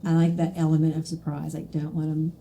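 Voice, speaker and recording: A woman from Mississippi, hosting a casual podcast interview and telling stories in an animated way, laughing often. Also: sits low, brisk, a little hiss or hum. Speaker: podcast host.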